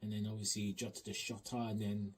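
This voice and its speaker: A man giving an animated, slang-heavy, rambling match review as a football fan. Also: fairly low pitch, fairly quick, breathy edge. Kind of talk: excited football fan rant.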